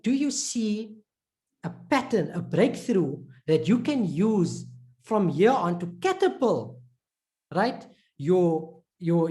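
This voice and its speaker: A woman's voice: on the low side, a little mellow. A woman teaching a live pronunciation class, encouraging her students and repeating syllables over and over to demonstrate. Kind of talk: live online class instruction.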